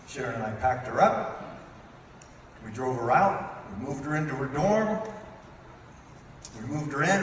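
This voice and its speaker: A man in his fifties giving a playful, teasing wedding toast as father of the bride. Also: on the high side. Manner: playful, teasing, acts out voices. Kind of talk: comic wedding speech storytelling. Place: large wedding reception hall. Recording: echoey hall, distant mic, room noise.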